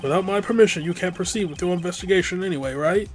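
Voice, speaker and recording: A game player voicing a pompous older male ambassador who speaks with smooth, condescending politeness, over faint game music. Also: medium pitch, fast talker, natural voice. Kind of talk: let's-play voice acting of game text.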